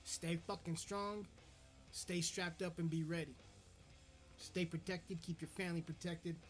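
In a fairly high, steady voice and at an unhurried pace, this man ends his podcast by ranting in fury. Curses fly constantly and he trips over his words, all heated, with soft music underneath.

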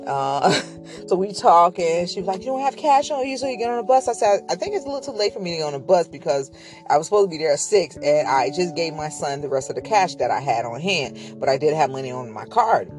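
A woman's voice: low-pitched, animated, fairly quick, music in the background. A woman hosting her own podcast, telling a personal story in a chatty, rambling way with many fillers and frequent mentions of God. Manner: devout, often mentioning God. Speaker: podcast host. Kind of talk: casual storytelling monologue.

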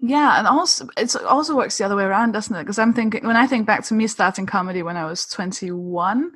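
A woman podcast host with a slightly husky voice tells self-deprecating stories, often breaking into laughter. She speaks at an ordinary pitch, recorded close and dry with no room sound. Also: a little fast, a bit bright, no echo. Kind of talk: casual interview chat.

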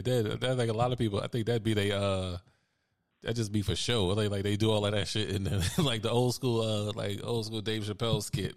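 A man's voice: lowish voice, a little mellow. A young adult man co-hosting a casual chat, telling stories with a laid-back, laughing, profane manner. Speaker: podcast co-host.

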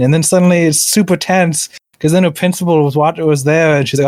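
A man chatting casually with friends about a book, retelling scenes in a rambling, animated way. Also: fairly high pitch, fast, hardly any pauses, dry recording. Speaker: book club podcast co-host. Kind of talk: casual chat.

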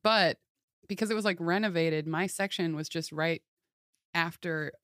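A woman co-hosting a podcast in casual chat, teasing and quick to laugh, recorded in a basement studio. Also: on the low side, fairly bright tone, no room sound. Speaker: podcast co-host.

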